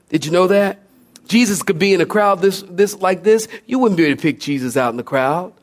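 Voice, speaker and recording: A man delivering a sermon to a congregation. He tells stories with humor and keeps asking the listeners questions. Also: high voice. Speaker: pastor. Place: church before a congregation.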